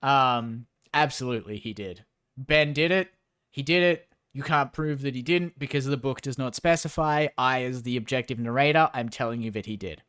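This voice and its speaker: A man's voice: mid-range voice, moderate pace, fairly bright tone, smooth. A man streaming a book reading, breaking off into sarcastic, rambling asides. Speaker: streamer reading a novel aloud. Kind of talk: reading aloud with sarcastic commentary.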